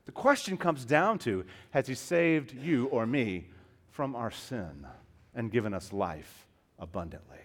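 Here a man preaches as a pastor at a slow pace, his mid-range voice full of lively intonation. The sermon is impassioned, dropping to hushed tones before rising to loud emphasis, and he speaks to the crowd as beloved and dear friends.

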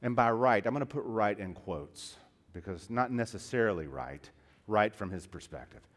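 Man, pastor, sermon, impassioned preaching, swings from hushed to loud, calls listeners beloved. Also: on the low side, animated, normal speed. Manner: addresses listeners as beloved and dear friends.

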